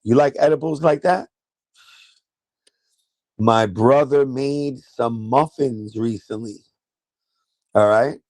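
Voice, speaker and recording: A man's voice: medium pitch, takes it slowly, long pauses, a little mellow, dry recording. A man from New York hosting a casual livestream from a chair at home, telling a story in a loose, profane way and laughing as he goes. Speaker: sneaker livestream host.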